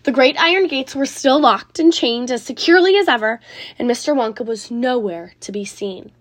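A woman reading a children's book aloud as storyteller, in an expressive, dramatic way. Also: a little high, normal speed.

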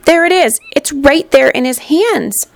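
A woman voicing a loud excitable fat shopkeeper. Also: high voice, vocal fry, no room sound, voice pushed up, full character voice. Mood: excited. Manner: shouting, excited, fast.

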